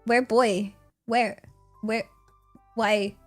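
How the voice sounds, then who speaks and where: A man's voice: high-pitched, level tone, very slow, faint music behind, voice pushed down. A woman doing a fretful father begging in clipped words. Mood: pleading. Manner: clipped broken pleading. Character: fretful middle-aged father begging for a boyfriend.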